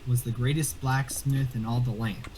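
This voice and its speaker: A man improvising a playful story while gaming, with deadpan punchlines. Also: mid-range voice, normal speed, rough recording. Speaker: gamer telling a story. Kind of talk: improvised storytelling on a game stream.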